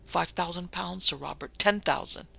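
A man voicing a sinister, disfigured nobleman in an audiobook, speaking with measured, coldly polite menace. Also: sits high, vocal fry, sharp tone, slightly rough, soft background music, heavily acted. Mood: menacing. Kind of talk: audiobook narration.

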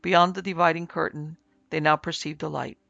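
Gravelly male audiobook narrator. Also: on the high side, little pitch movement, moderate pace, dry recording. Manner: formal, dramatic reading. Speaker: narrator and producer. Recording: slightly muffled with soft music.

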